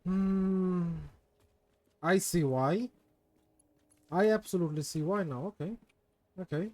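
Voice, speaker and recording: While gaming live, a man talks loosely with his viewers, mocking himself and cursing when things go badly. He has a high voice with a darkish tone and takes his time speaking.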